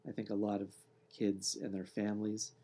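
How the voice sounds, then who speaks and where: A man co-hosting a sports podcast in casual chat, with a relaxed, joking, deadpan way of talking. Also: lowish voice, moderate pace. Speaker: podcast co-host.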